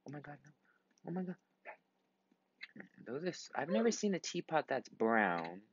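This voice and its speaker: A man's voice: fairly high pitch, very animated, slightly rough, dry recording, highs cut off. Tired young man rambling over a game. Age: 20s. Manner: rambling, swears a lot, quick outbursts. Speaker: gaming vlogger. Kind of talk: casual gameplay commentary.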